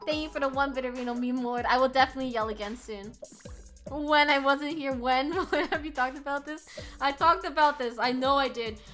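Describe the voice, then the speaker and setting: A young woman streamer with a high, bright voice chats casually while running a quiz. She laughs often, reads chat aloud and swears freely. Soft music plays faintly behind her. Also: fairly quick.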